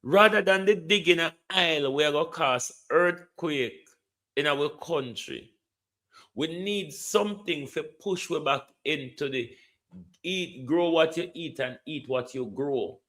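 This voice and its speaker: Slow-talking Jamaican man giving commentary. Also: a little high, bright, forceful tone. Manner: impassioned appeals to the government and listeners. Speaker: host.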